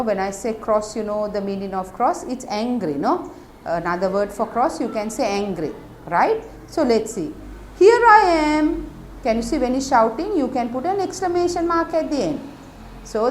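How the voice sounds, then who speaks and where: A woman's voice: a little high, a little mellow, a little hiss or hum. A woman teaching an English lesson to young children, explaining patiently and checking understanding with tag questions. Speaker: primary school teacher.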